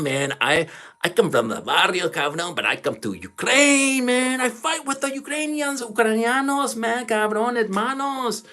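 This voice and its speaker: A swaggering barrio tough guy with a mock Mexican accent, as a man puts him on, drawling slangy boasts in a voice pushed well above his own. The words come slowly, each one stretched out for effect. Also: sits high, fairly bright tone, voice pushed up, exaggerated voice.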